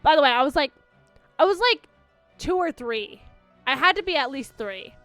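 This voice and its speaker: Young woman streamer rambling to chat, high voice, lots of ums, faint music behind. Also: animated, moderate pace, a bit bright, no room sound. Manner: chatty, rambling, many fillers and restarts; baby-talk to her dog. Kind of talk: casual chat with viewers.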